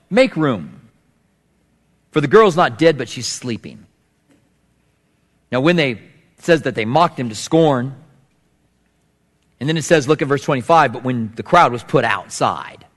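Middle-aged male pastor, lively storytelling sermon delivery, slightly high voice, long hall reverb. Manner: storytelling preacher, acts out voices with big swings in pitch.

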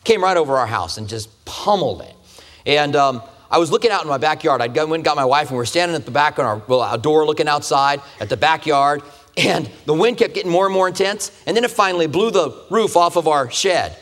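A man's voice: a little high, animated, fairly quick, fairly bright tone. A man preaching a conversational sermon, asking the listeners rhetorical questions. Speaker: pastor. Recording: long hall reverb.

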